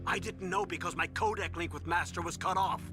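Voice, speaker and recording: Brief: man playing an older commander briefing fast, voice on the high side, score beneath. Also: fairly even intonation, natural voice. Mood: urgent. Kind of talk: video game cutscene acting. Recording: game audio with music.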